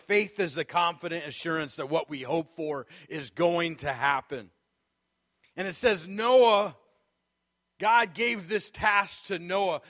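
Guest preacher, male, lively storyteller with a comic streak, dry close sound. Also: high-pitched, dry recording. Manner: animated storyteller, laughs often, acts out moments. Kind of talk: sermon with a comic personal story.

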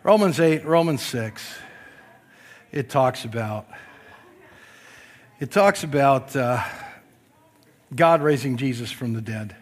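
A man preaching a sermon as pastor to a church congregation, swinging from loud emphatic passages to soft quiet asides and joking with the listeners. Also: mid-range voice, lively intonation, takes it slowly, long pauses, long reverb tail. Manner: jokes with the congregation.

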